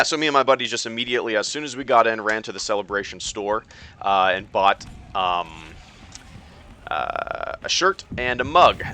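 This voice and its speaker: A man's voice: lowish voice, pushed and bright, a little hiss or hum. A man chatting casually with viewers on a live stream while he plays a game, rambling with lots of fillers and restarts. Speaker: YouTube streamer.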